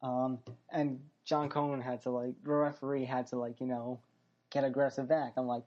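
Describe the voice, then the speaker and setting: Guy hosting a podcast, warm low-key voice, lots of ums and restarts, kinda muffled lo-fi sound. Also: flat delivery, moderate pace. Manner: rambling, filler-heavy, self-correcting. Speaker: podcast host. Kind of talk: solo wrestling and fight recap chat.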